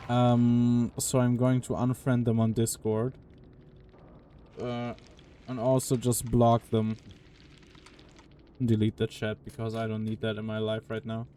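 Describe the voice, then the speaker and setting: Man, streamer, mellow tone, a bit off-mic with faint hiss, casual and halting. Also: mid-range voice. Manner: relaxed, hesitant with fillers. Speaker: game streamer. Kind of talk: casual live-stream chat. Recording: distant mic with faint noise.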